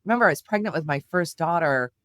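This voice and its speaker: A middle-aged woman telling stories as an interview guest, animated and full of fillers. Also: deep voice, fast, no echo. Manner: animated storyteller, many fillers and laughs. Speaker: guest, communications executive. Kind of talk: casual interview chat.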